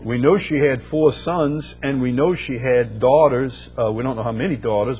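A man's voice: mid-range voice, a little mellow. A man preaching a sermon, building emphasis through repeated phrases and rising bursts. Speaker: pastor.

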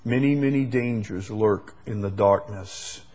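The sermon comes from a male preacher who takes it slow and emphatic. Loud, high bursts erupt suddenly, followed by soft drops.

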